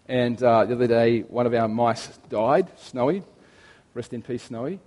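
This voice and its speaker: A man in his thirties preaching a sermon as pastor, telling stories in a chatty way with gentle humor. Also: mid-range voice, normal speed, long reverb tail. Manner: conversational storytelling with gentle humor.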